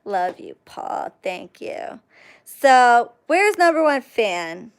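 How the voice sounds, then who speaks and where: A young woman hosting a casual livestream, telling a profane, animated story and thanking chat viewers along the way. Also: fairly high pitch, takes it slowly, vocal fry, clean tone. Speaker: livestream host.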